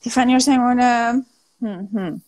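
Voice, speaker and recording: Italian-accented woman, native Italian speaker, bright higher voice, playful and giggly, casual live-stream chat over a phone mic. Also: moderate pace. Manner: playful, laughs often, searching for English words. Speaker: actress co-hosting a live stream. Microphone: phone on a live video stream.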